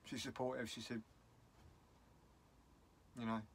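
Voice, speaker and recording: A man's voice: mid-range voice, little pitch movement, normal speed, long pauses, slight background noise. Upset rambling British man vlogging. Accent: British English. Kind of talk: casual vlog rant.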